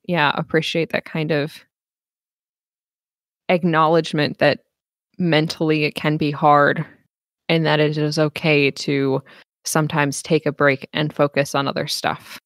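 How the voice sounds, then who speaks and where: Earnest deep-voiced woman podcaster. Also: no echo, clean studio sound. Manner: earnest and reflective, many fillers. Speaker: podcast co-host. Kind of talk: casual chat.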